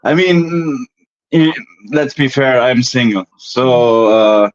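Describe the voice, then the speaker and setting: A man's voice: medium pitch, fairly even intonation, slow pace. Man, casual live-stream chat, rambling, fillers and restarts, dull lo-fi audio. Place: home in Germany.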